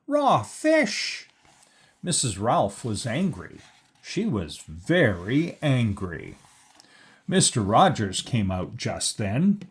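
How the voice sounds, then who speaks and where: Slow, lively male storybook reader. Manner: slow, lively reading with raised pitch for quoted characters. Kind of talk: children's read-aloud.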